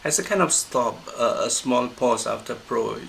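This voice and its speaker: A man explaining stress and intonation in a recorded lesson, halting often to find the word. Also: mid-range voice, animated, vocal fry, fairly bright tone, rough recording. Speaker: English pronunciation teacher.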